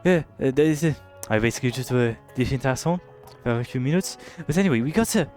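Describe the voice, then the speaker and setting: A young British man commenting casually on a game he is playing, swearing and reacting loudly to what happens on screen. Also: mid-range voice, fast, soft background music. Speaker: streamer.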